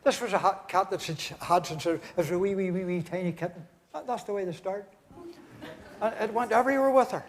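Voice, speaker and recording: A man's voice: high voice, a little fast, slight background noise. A man with a Northern Irish accent telling rambling comic stories at a live church concert, laughing at his own jokes. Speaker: comedian at a concert.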